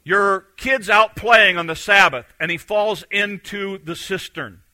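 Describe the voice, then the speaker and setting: A man preaching with a bright, high-pitched voice that cuts through. He is animated and acts out the quotes, going loud one moment and hushed the next. The sound is dry and close. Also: unhurried, no echo, low-quality recording. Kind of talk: sermon.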